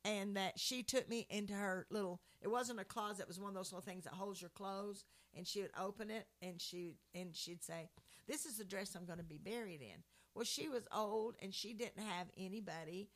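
A woman's voice: mid-range voice, normal speed, hardly any pauses. A woman giving an earnest, heartfelt personal testimony and reading scripture aloud to viewers of a Christian program.

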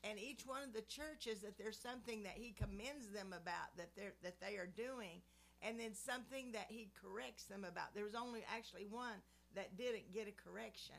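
A woman's voice: mid-range voice, moderate pace, gravelly, fairly bright tone. A woman in her seventies praying and giving an earnest devotional teaching. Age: 70s. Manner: earnest, preacherly. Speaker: Christian speaker.

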